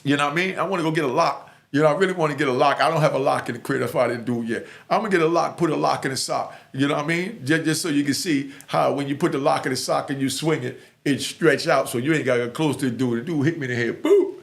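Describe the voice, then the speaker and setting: A man's voice: fairly high pitch, fast, creaky, few pauses. A man from Harlem with a New York accent, talking straight to the camera in a casual, emphatic and streetwise way as he gives advice to young people. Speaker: YouTuber giving advice to youth. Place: indoors in front of a green screen.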